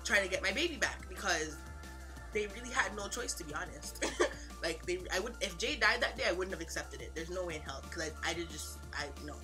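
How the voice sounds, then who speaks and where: A young woman tells an emotional story, talking in a slangy, animated way with many fillers and sudden loud and quiet stretches. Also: fairly low pitch, a little fast, over music. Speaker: vlogger, mother.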